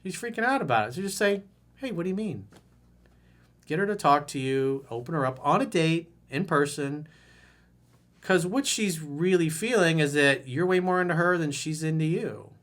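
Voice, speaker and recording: Blunt, animated middle-aged male dating coach. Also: normal speed. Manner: blunt and animated, acting out quoted outbursts in loud high voices. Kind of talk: video newsletter advice monologue.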